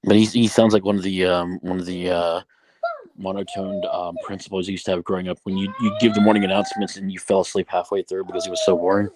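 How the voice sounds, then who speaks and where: A man co-hosting a casual sports podcast, halting and searching for words with ums. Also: low-pitched, fairly even intonation, a little mellow, low-quality recording.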